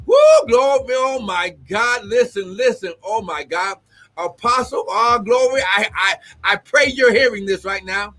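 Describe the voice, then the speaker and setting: Fervent high-voiced man prophesying. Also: unhurried. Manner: fervent, breaks into shouts and tongues; constant exclamations of "glory". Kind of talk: live-streamed prophetic ministry.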